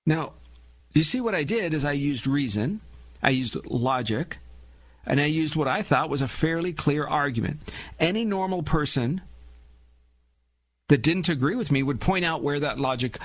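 A man's voice: on the high side, expressive, unhurried, long pauses, a bit bright, no room sound. A man from Los Angeles hosting a talk radio show, telling stories with chuckles and rhetorical questions.

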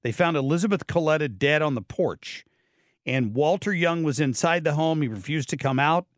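A man with a slightly high voice runs an opinionated talk radio show, commenting on the news bluntly and sardonically while stumbling over fillers and restarts. He speaks at a moderate pace into a close studio microphone, and the recording is dry.

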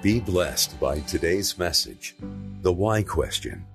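A man reading a scripted program introduction as announcer, in a smooth, even read. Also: deep voice, slow pace. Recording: music bed behind voice.

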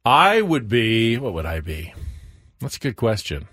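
A man's voice: on the low side, very animated, a little slow, fairly bright tone, breathy edge, dry recording. A man hosting a casual sports radio show from a studio, easygoing and joking with his co-hosts. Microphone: studio microphone.

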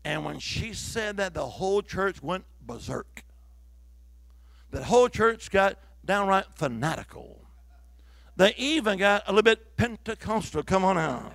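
A man preaching a sermon, his voice pitched high with a gravelly edge. He tells his stories dramatically, rising to loud declarations and dropping to hushed whispers. The sound is dry and close. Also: lively intonation, normal speed, no echo. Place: church.

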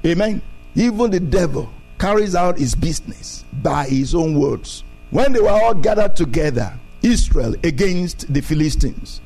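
A man's voice: high voice, a little mellow, low-quality recording. A man preaching a sermon as pastor, repeating phrases and building to emphatic declarations.

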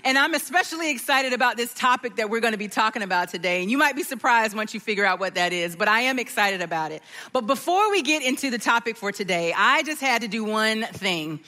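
Animated high-voiced woman in a church. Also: quick pace, long reverb tail. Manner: animated and warm, with joyful outbursts. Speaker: guest speaker. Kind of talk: sermon talk.

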